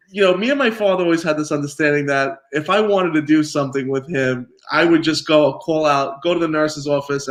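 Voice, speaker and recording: A man from New York, a guest pizzaiolo, telling stories in a relaxed interview and laughing often. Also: fairly high pitch. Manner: animated storyteller, laughs often. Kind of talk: casual interview chat.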